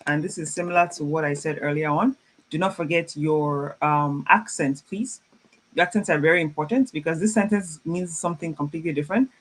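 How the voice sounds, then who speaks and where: A chatty teacher leads a live online language class, reading out students' messages and encouraging them. French phrases are repeated slowly and carefully, with frequent easy laughter between corrections. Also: medium pitch. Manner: chatty and informal, laughs often.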